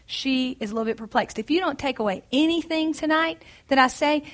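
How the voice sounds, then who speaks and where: A woman's voice: fairly high pitch, fairly bright tone. A woman leading a Bible study, speaking in an earnest, encouraging, conversational way.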